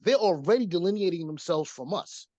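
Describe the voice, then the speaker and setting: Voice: mid-range voice, lively intonation, brisk, a little mellow, no room sound, muffled recording. Earnest argumentative podcast co-host. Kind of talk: casual group discussion.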